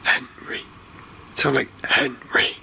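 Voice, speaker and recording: Hushed, wary young man. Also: medium pitch, expressive, measured pace, vocal fry, a little hiss or hum. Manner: hushed, wary, calls out to spirits. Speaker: paranormal investigator. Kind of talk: ghost-hunting narration to camera. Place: empty disused bingo hall at night.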